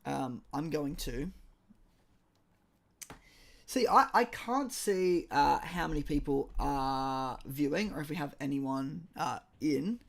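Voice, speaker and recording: A hoarse man streams maths exam tutoring from home, his voice gravelly with fry and set a little high. He talks in a loose, chatty, apologetic way, reading the viewer chat aloud into his streaming mic. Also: takes it slowly, a bit bright. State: hoarse, croaky voice. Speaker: maths teacher. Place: at home, indoors. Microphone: streaming microphone.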